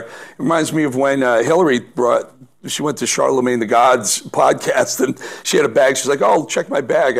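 Gravelly, emphatic male commentator. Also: medium pitch. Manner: emphatic, stammering restarts. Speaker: guest commentator. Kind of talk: political commentary.

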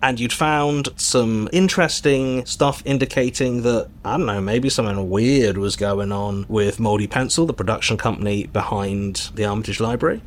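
A man's voice: fairly low pitch, normal speed, hardly any pauses, slight background noise. A man running a tabletop game as game master, narrating scenes and teasing his players with frequent laughs. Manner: playful, teasing, laughs often.

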